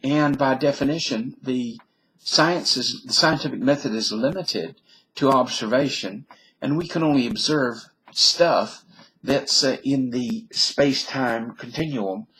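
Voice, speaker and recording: A man's voice: medium pitch, a little slow, a bit bright, slight background noise, rough recording. Man reading aloud with joking asides. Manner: wisecracking, breaks off mid-sentence to comment. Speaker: presenter reading a mathematician's biography.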